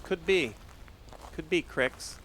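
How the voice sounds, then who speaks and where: A man's voice: on the high side, slow, a bit bright, slight background noise. A male streamer giving live commentary on a game, reacting aloud and chatting with his viewers.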